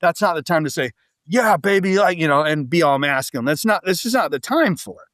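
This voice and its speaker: Male podcast guest, slightly high voice, lively storyteller, dry close mic. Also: quick pace, dry recording. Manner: animated storytelling, frequent "like" and "right?". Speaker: podcast guest, business coach. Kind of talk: casual interview talk.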